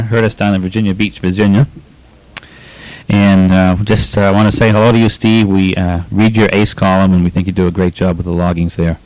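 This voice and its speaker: A low-voiced man with a Boston accent hosts a pirate radio show, reading listener letters in a loose, chatty way. He stumbles through with many uhs and laughs easily. The sound is close and dry. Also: a little mellow, no echo, poor audio. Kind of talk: casual on-air chat reading listener letters.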